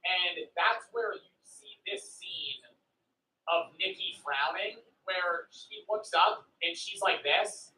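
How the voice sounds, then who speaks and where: A man's voice: sits high, takes it slowly, sharp tone, far from the mic. A man casually retelling a story on a stream, loose and profane, full of "like" fillers. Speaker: friend telling a story on stream. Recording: echoey room, away from the mic.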